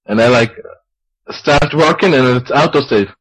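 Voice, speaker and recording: A man's voice: medium pitch, a bit bright, slightly rough, dry recording, rough recording. Guy on a gaming podcast, stops and restarts a lot, dry close mic. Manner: halting, with restarts and fillers. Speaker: podcast co-host. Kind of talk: casual chat.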